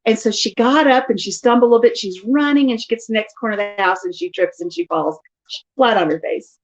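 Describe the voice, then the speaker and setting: A middle-aged woman casually telling stories in an animated way during a live chat at home. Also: on the high side, fast, muffled recording. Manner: chatty, animated storytelling. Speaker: vlogger.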